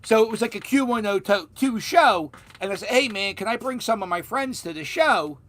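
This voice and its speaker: A man's voice: high-pitched, expressive, normal speed, fairly bright tone. A man from Philadelphia with a Philadelphia accent, telling a story in a casual vlog, rambling with restarts and the odd swear word. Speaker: vlogger.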